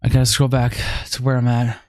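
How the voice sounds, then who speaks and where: A man's voice: mid-range voice, completely flat delivery, brisk, darkish tone. Worn-out male streamer, sighing a lot. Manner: exasperated, heavy sighing, swearing. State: exhausted, struggling to speak. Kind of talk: casual live-stream talk.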